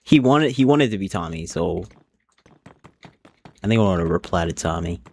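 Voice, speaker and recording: A man's voice: sits low, lively intonation, moderate pace, husky. A young man chatting casually on a live stream while he plays a game, thinking aloud and rambling from one thought to the next.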